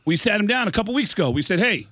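A man's voice: high-pitched, animated, very fast, pushed and bright, no room sound, pitched above the performer's own voice. A man voicing a casual, easygoing male tattoo shop worker on the phone.

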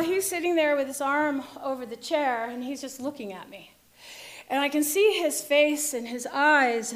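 A woman telling a personal story in a vivid, dramatic way, dropping to a hush and rising to shouts. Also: high voice. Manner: vivid, dramatic retelling, shifting between hushed and shouting.

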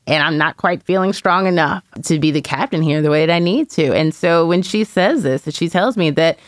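A woman's voice: fairly low pitch, fairly quick, no room sound, clean studio sound. A woman in casual conversation, candidly and reflectively telling a personal story as a mother, with lots of "you know".

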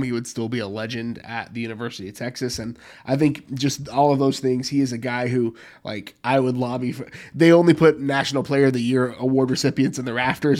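A man co-hosting a sports podcast, giving steady, confident analysis in casual talk. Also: mid-range voice. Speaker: podcast co-host.

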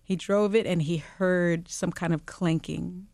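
A woman chats as an interview guest, spinning an animated story with frequent laughter. Her voice sits a little low, and the sound is close and dry with no room echo. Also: unhurried, creaky. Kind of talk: casual interview chat.

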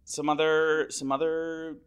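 A man's voice: fairly high pitch, little pitch movement, a little slow, smooth. Rambling, self-deprecating man on a podcast. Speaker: website editor. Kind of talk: casual chat.

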